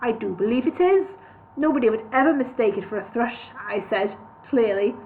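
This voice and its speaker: A woman's voice: on the high side, expressive, moderate pace, slight background noise. A woman voicing a courteous, formal male dwarf in a storybook reading. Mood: polite. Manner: formal, old-fashioned courtesy. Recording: tinny phone-like sound.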